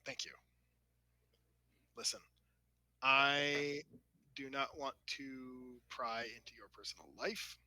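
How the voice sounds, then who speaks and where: Bright-voiced man in calm role-play. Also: mid-range voice, slow, pauses often, no echo, low-quality recording. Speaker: player voicing a starship officer.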